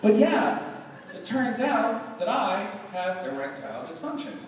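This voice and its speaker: A man with a high voice tells a loud, animated stand-up story with shouted punchlines. He is picked up by a distant microphone in a very echoey club with a long reverb tail. Audience laughter and room noise are clearly heard behind him. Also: measured pace. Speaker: stand-up comedian. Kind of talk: stand-up comedy set. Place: comedy club stage. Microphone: handheld stage microphone.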